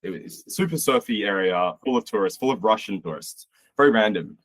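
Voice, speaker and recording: Speaking briskly in a lowish voice on a dry recording, this young podcast guest from Australia recounts his travels with lively energy. He swears, acts out what people said, and keeps the storytelling loose and casual.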